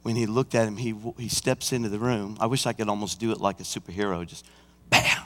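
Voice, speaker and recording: A senior pastor preaching a sermon, swinging from hushed, intimate passages to shouted climaxes, sometimes singing and acting out scenes. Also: male voice, lowish voice, steady tone, fairly quick, in a large hall. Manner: breaks into song and acts out scenes. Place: church sanctuary.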